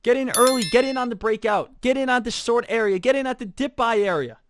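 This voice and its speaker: A man teaching stock trading in an energetic talk, who keeps asking "right?", leans on the word "again", and acts out imagined students. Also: extremely high pitch, no room sound, studio quality. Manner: rhetorical "right?" and repeated "again"; acts out imagined students in quick put-on voices. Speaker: trading instructor.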